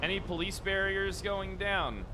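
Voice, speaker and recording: A man's voice: sits high, a little slow. A man playing a police officer in a game roleplay, brash and crude, joking casually. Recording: game sirens and traffic behind voice. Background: police sirens and vehicles.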